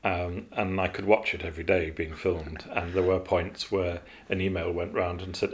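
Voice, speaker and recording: A man with a very low voice recalls his years as an animator in a relaxed interview. He wanders through his stories, trailing off with ums and starting over mid-sentence. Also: moderate pace, few pauses. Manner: rambling, with many fillers and restarts. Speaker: animator guest. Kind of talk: interview storytelling.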